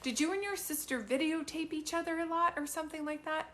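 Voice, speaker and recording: A young woman giving a live psychic reading to a viewer, talking in a drowsy, halting and emotional way, full of fillers and restarts. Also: sits high, steady tone, fairly bright tone, a little hiss or hum. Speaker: psychic medium.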